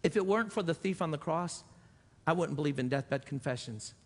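A man's voice: fairly high pitch, animated, brisk. A man preaching a sermon as pastor, earnest and repeating phrases for emphasis. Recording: echoey church hall.

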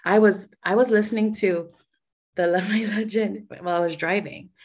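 A woman's voice: mid-range voice, steady tone, normal speed. A young woman voice actor chatting casually on a video call, talkative and laughing often as she tells a story. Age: young adult.

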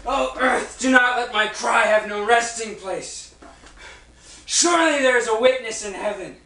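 A man as Job in agony, groaning, slow and bright-toned, echoey room, distant mic, faint hiss. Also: very high-pitched, exaggerated voice. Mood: pleading. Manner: anguished, crying out and groaning. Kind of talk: stage play acting.

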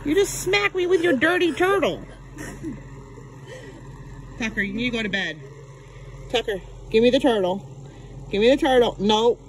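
A woman's voice: on the high side, expressive, moderate pace, long pauses, a little hiss or hum. A woman, scolding her dogs in a playful, exasperated way at bedtime at home. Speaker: pet owner. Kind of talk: home video vlog.

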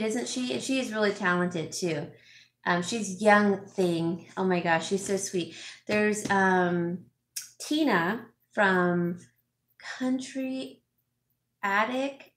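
A middle-aged woman hosting a casual haul vlog, chatting warmly and thanking viewers by name as she opens gifts. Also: medium pitch. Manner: chatty, gushing, reads viewer names aloud. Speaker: vlog host, home stager. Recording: roomy echo, faint background noise.

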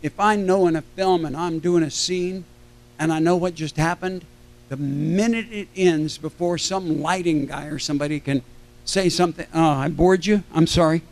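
An older man with a notably high voice tells loose, jokey stories from a convention panel stage. He keeps breaking off mid-sentence and circling back. Now and then he acts out the people he quotes. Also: normal speed. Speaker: celebrity panel guest. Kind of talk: rambling anecdotal storytelling.

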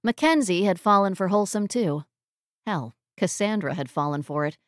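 A woman reading a romantic comedy audiobook as narrator, in an even storytelling manner. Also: medium pitch, normal speed, dry recording, clean studio sound. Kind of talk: scripted narration.

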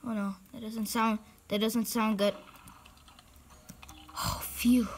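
A woman giving excitable live gameplay commentary as a channel host, reacting loudly and dropping to whispers when sneaking. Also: a little high, slow pace, long pauses, music in the background.

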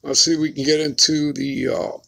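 Male preacher, scripture teaching, emphatic, constant check-in questions, high and bright. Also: level tone, a little fast, creaky. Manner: emphatic, keeps asking "all right?" and "okay?".

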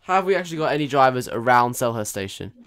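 Smooth-voiced young man streaming. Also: mid-range voice, animated, quick pace, a bit bright, no room sound, clean studio sound. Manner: chatty, jokey, talks to viewers. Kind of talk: live stream game commentary.

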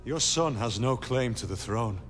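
An actor as a grave, honorable lord. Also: male voice, medium pitch, expressive, moderate pace, soft background music, natural voice. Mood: solemn. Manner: firm, solemn.

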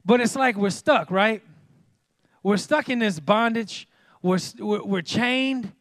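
A man preaching a sermon in church in a lively, joking way, with sudden loud exclamations. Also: sits high, slow pace, no room sound, studio quality. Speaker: pastor.

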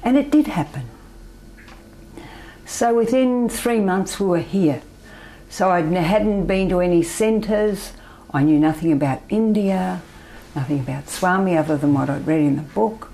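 An older Australian woman telling her personal story as an interview guest, soft-spoken and often trailing off into near-whispers. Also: lowish voice, a little slow, low-quality recording. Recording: faint background noise.

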